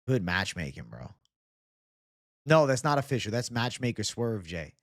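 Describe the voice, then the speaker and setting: A man's voice: fairly low pitch, sing-song, normal speed, no echo, clean studio sound. A young man from Boston hosting a casual live chat. He talks loosely and swears a lot. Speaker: livestream host.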